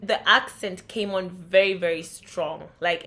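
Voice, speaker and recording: A woman's voice: mid-range voice, animated, unhurried, hardly any pauses, a bit bright. A young woman from Kenya with a Kenyan accent, talking candidly and reflectively in a vlog. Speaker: vlogger.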